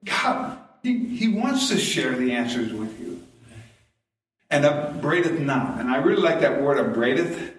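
Folksy preacher in an echoey church. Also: male voice, mid-range voice, very animated, unhurried, distant mic. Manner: folksy storytelling, chuckles at own jokes. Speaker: pastor. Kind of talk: sermon. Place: church sanctuary. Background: congregation responses.

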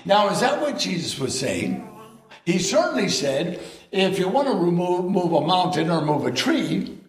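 A man's voice: sits high, sing-song, moderate pace. An older man preaching a sermon as a visiting preacher, telling folksy stories and acting out both sides of a dialogue. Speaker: guest preacher. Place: church. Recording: echoey church hall, mic at a distance.

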